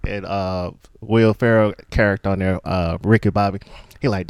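A man's voice: low voice, moderate pace, clear, resonant tone, no room sound. A man talking casually about a movie he loves, laughing often and acting out favorite lines. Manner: animated, laughs often, acts out quotes. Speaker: guest.

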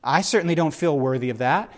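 A middle-aged man preaching in an animated, conversational way and often turning to his listeners with asides. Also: on the high side, fast. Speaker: pastor. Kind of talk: sermon.

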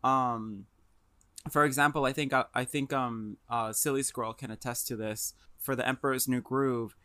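Bright-voiced young man chatting casually. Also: mid-range voice, moderate pace, no room sound. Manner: animated, stammers and restarts, mimics lines in quotes. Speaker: podcast co-host or guest. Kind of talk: casual chat.

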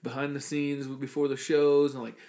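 A young man co-hosts a podcast in a mid-range voice at a moderate pace. It's casual chat: he rambles with lots of fillers, leans heavily on "like," and tells stories in an animated way.

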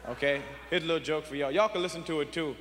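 A young man performs profane stand-up comedy before a live audience on a large arena stage, jumping into voices and impressions. His voice is on the high side and quick. The arena is echoey, with loud crowd noise.

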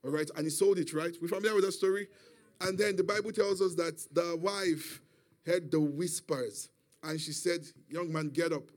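High-voiced preacher leading call and response. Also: male voice, normal speed. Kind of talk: sermon.

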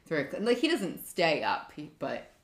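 Chatty low-voiced woman telling a story. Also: wildly swooping pitch, normal speed, vocal fry, echoey room. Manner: chatty storyteller, many "like" fillers. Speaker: podcast co-host. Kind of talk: casual chat.

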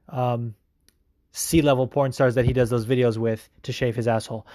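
A man's voice: medium pitch, no echo, clean studio sound. A man hosting a podcast, casually answering listener questions in a joking, profane, mock-grand way. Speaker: podcast host.

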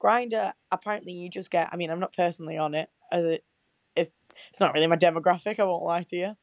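A woman's voice: lowish voice, quick pace, dry recording. A young woman co-hosting a casual podcast, chatty and sweary, often laughing. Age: young adult. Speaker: podcast co-host.

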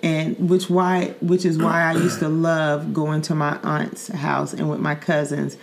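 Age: middle-aged. Sex: woman. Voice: low. Style: earnest podcast storytelling. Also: flat delivery, unhurried, vocal fry. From Saint Louis, Missouri. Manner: earnest, vivid retelling with filler words and repeats. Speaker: podcast host. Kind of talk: personal storytelling in casual chat.

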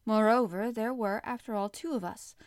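A woman narrating a classic adventure novel aloud in the first person, with expressive, dramatic storytelling. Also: fairly high pitch, normal speed, no room sound, clean studio sound. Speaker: audiobook narrator.

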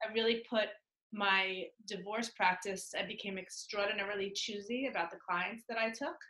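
A woman's voice: medium pitch, fairly even intonation, moderate pace, bright, forceful tone, roomy sound, poor audio. A middle-aged woman with a nasal voice, a divorce lawyer and coach answering interview questions in a chatty, upbeat way, laughing often and using many fillers.

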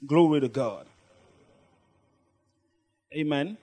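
Extremely slow and a little high in pitch, a man preaches with lively energy. Frequent laughter punctuates his sermon as he calls on the congregation to answer back.

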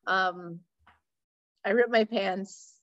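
A woman's voice: mid-range voice, very slow, fairly bright tone, no echo, lo-fi sound. A woman co-hosting a casual podcast chat, telling a story with lots of swearing and laughter. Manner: profane, storytelling, laughs often. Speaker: podcast co-host.

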